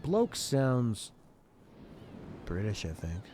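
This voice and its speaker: A man's voice: medium pitch, sing-song, normal speed, long pauses, a little mellow, slight background noise. A man casually commenting while playing a game, joking and sarcastic, swearing freely. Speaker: let's play gamer.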